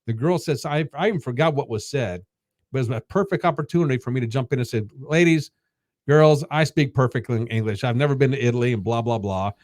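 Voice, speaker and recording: A man in his fifties, a podcast guest, telling casual stories in a halting way that repeats words. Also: medium pitch, darkish tone, no echo, clean studio sound. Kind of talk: casual storytelling.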